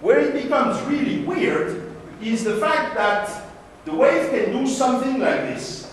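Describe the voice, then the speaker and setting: Man, high lively voice, playful science lecture, echoey hall, distant mic, faint hiss. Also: unhurried. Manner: animated, playful, gestures with props.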